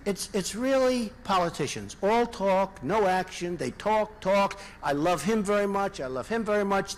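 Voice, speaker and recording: A presidential candidate giving a rambling, off-the-cuff rally speech, repeating himself and throwing asides to the crowd. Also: male voice, high-pitched, fairly bright tone, a little hiss or hum. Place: large indoor rally venue.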